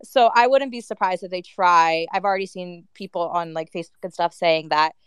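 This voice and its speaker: A woman's voice: on the low side, fairly even intonation, moderate pace, hardly any pauses, clean tone, dry recording. A woman in a casual audio chat room, talking heatedly and filling her speech with "like" and "um". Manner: heated, with frequent "like" and "um" fillers. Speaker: guest speaker.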